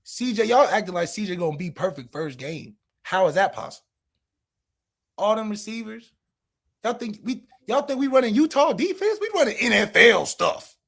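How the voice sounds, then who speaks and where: A man co-hosting a sports podcast, ranting and trash-talking with sarcastic rhetorical questions and sometimes shouting. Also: high-pitched, very animated, normal speed, creaky, slightly rough. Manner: shouts at peaks. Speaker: podcast co-host.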